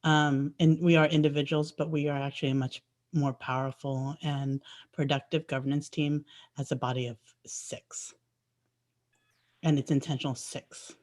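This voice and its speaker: A woman's voice: low voice, little pitch movement, moderate pace, a little mellow. A woman, a school board trustee, giving rambling thanks at a virtual meeting and often restarting her sentences. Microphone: video call.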